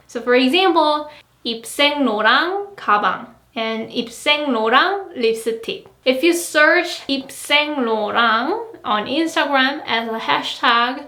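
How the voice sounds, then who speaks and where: A Korean woman with a Korean accent, teaching her own language in a cheerful online lesson and repeating each word slowly for learners. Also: sits high, a bit bright, roomy sound.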